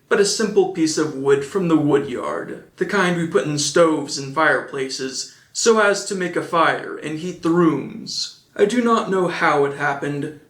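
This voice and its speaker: A man's voice: a little high, reverberant. A man narrating an old children's story and adding dry joking asides. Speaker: audiobook narrator. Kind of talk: casual storybook reading with asides.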